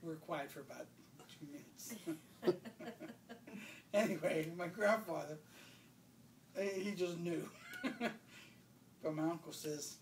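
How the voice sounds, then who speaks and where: A man tells a childhood story slowly and casually, laughing often as he goes. He sounds set back from the microphone. A faint background noise runs underneath. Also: fairly high pitch, reverberant, distant mic, poor audio. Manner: laughs a lot while telling a family story.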